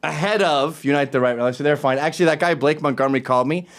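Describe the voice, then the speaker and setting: A man's voice: a little high, fast talker. A male show host ranting sarcastically in a casual monologue.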